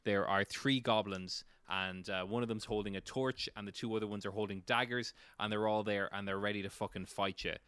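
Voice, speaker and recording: Man, game master, bright tense voice, smooth and crisp, rambling and profane, dry close sound. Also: lowish voice, fairly even intonation, a little fast, hardly any pauses, no echo. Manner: rambling, profane, many fillers. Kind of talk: narrating a tabletop game, casual.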